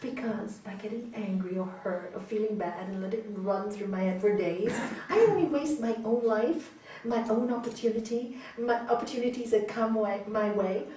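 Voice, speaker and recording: A woman's voice: medium pitch, moderate pace, a little hiss or hum. A woman teaching raja yoga to an audience, telling stories and acting out quoted voices, often checking in with a questioning "hmm?". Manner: animated storyteller, acts out quoted voices, frequent "hmm?" to listeners. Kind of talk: spiritual talk to an audience. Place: hall. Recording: echoey hall, voice from a distance.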